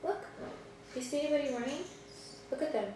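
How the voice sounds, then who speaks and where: Patient high-voiced woman teacher. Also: fairly quick, noisy background. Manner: patient, questioning, coaxing. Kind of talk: reading a picture book with a child. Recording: echoey room, mic far off.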